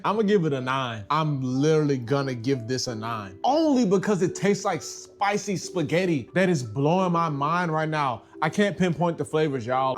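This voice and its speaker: A man tasting and reviewing noodles on his food vlog, talking casually and getting excited, loud one moment and mumbling the next. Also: a little high. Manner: animated, excitable, swings between loud and mumbled; casual slang-heavy talk. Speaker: food vlogger. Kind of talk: casual chat to camera.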